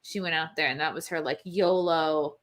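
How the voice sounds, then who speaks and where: A woman's voice: low voice, steady tone, moderate pace, a bit bright, faint music behind. A woman guest in a casual chat, telling stories in a candid, offhand way.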